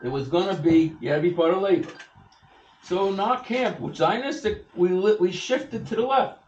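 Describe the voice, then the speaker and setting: An older man tells a story to an audience, animated and acting out the people he quotes. His voice sits fairly high and comes from well off the mic in an echoey hall. The sound is a bit dull, with faint room ambience behind it. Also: moderate pace, far from the mic, a little hiss or hum. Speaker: event speaker. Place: event hall.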